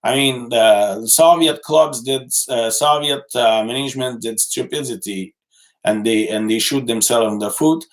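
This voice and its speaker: A man with a mid-range voice replies to his livestream chat in English that is not his first language. He talks in a casual, halting way, stopping often to restart and fill gaps with "uh". His delivery is loose and unscripted. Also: medium pitch. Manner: halting, many restarts and fillers.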